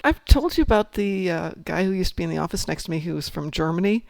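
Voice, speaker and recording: Gravelly, higher-voiced male streamer. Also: expressive, fast talker, a little hiss or hum. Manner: chatty, reads out chat messages, rambling asides. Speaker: streamer host. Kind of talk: casual gaming stream chat.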